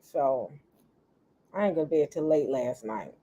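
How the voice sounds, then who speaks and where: This middle-aged livestream host keeps things easygoing, welcoming each new viewer and coughing now and then during the casual chat. She has a warm, slightly rough bass voice, animated yet unhurried. The audio sounds like its highs are cut off.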